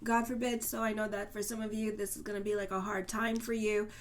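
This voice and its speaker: A woman's voice: mid-range voice, little pitch movement, fairly quick. A woman astrologer giving a casual tarot reading straight to her viewers. She talks in a loose, colloquial way, full of "okay" and "you know", and sounds earnest and reassuring.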